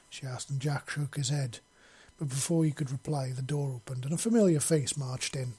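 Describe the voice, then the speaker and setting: Husky-voiced male audiobook narrator. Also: medium pitch, moderate pace, warm tone. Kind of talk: scripted narration.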